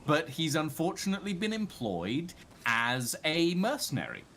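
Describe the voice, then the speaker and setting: A man's voice: on the high side, huge pitch swings, normal speed, fairly bright tone. A man making wry, casual remarks on a game livestream. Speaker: gamer on a livestream.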